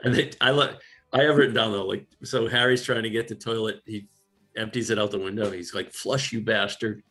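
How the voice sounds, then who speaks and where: A man's voice: fairly low pitch, fairly quick, faint music behind. A man hosting a casual chat, recapping film scenes with laughter and quoted lines. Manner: animated, laughing, acts out quotes.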